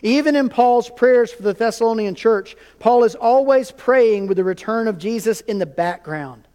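A man preaching a sermon as pastor, in an animated, conversational way with quick asides. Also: extremely high pitch, long reverb tail.

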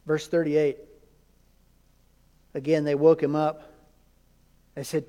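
A man's voice: fairly high pitch, flat delivery, slow pace, pauses often, mellow. A man preaching a sermon as pastor, emphatic and conversational, asking his congregation rhetorical questions. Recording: long reverb of a large hall.

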